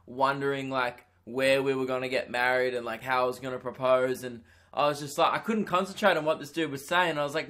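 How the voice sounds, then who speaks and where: A young man hosting a comedy podcast, telling a crude, self-mocking story in an animated stand-up style. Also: medium pitch, fairly quick, hardly any pauses.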